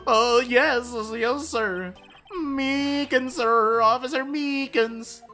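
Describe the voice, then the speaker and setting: A man's voice: extremely high pitch, extremely slow, pushed and bright, soft background music, voice pushed up, heavily acted. A man voicing a jittery, eager young male patrol officer who stammers and calls everyone sir. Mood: flustered.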